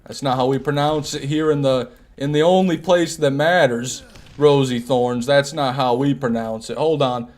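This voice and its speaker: A man's voice: mid-range voice, steady tone, moderate pace, darkish tone. Teasing male game streamer. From United States. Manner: teasing banter while reading chat. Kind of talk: live gameplay commentary.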